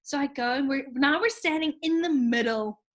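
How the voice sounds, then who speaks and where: High-voiced woman telling a story. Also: moderate pace. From South Africa. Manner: animated, acts out quoted dialogue. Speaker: podcast co-host. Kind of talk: casual storytelling chat.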